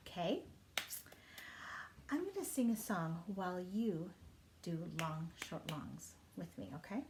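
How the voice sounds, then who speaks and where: Gentle woman leading children's singing time. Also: lowish voice, lively intonation, a little slow, reverberant, noisy background. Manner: gentle, encouraging teacher talk to children. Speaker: primary singing time leader.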